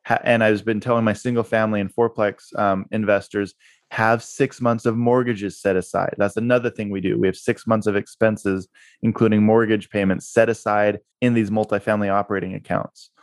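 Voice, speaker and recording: Podcast guest: man, low voice, energetic anecdote-driven talker, dry studio sound. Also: brisk, dry recording. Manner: energetic storyteller who repeats words for emphasis. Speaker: guest, real estate investor and broker. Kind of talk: podcast interview. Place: Utah.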